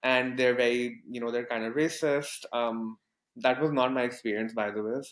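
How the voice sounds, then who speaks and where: A man's voice: medium pitch, steady tone, normal speed, roomy sound. A young man from Pakistan, a podcast guest telling a story casually with lots of fillers and restarts. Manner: rambling, many fillers and restarts.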